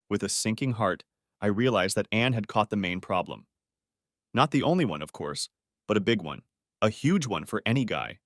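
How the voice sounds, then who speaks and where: A man reading a first-person dramatic story aloud with expressive, sardonic delivery. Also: lowish voice, moderate pace, no room sound, studio quality. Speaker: story narrator.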